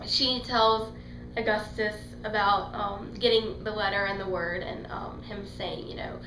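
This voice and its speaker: With a mid-range voice and a measured pace, a young woman who reviews books and films gives a casual, gushing fangirl take on a movie, rambling and acting out scenes in different voices. The sound is roomy, with a noisy background.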